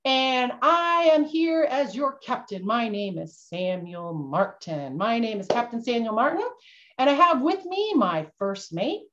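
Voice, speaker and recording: A woman's voice: on the high side, animated, measured pace, a bit bright, a little hiss or hum. Woman doing a nervous goofy ship captain guy, bouncy sing-song voice, muffled video-call sound. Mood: welcoming. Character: bumbling male schooner captain, jittery, insists he's not cursed. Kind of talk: storytelling role-play for kids. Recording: dull lo-fi video-call audio.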